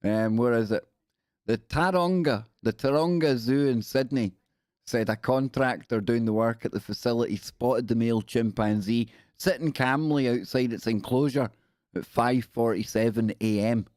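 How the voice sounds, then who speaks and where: Man, livestream host, comic news commentary, joking rambling asides, mid pitch, dry close sound. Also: normal speed, darkish tone, dry recording.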